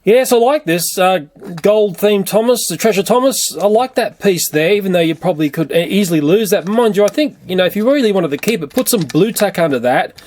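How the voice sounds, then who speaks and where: A man with a high voice casually reviews toy trains and plays with them. He talks in a playful way and breaks into excited shrieks at the crashes. Loud clicking and whirring from the toys runs under his voice. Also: normal speed, slight background noise.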